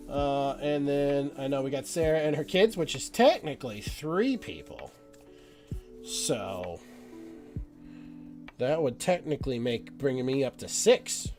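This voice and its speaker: A man's voice: mid-range voice, darkish tone. A young man hosting a live painting stream, rambling and self-doubting as he chats with viewers. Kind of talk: casual live-stream chat while painting.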